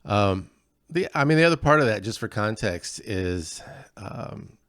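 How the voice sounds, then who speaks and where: Man, podcast co-host, fairly low voice, casual explanatory chat, dry close mic. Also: measured pace, no room sound. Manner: relaxed, explanatory and self-deprecating.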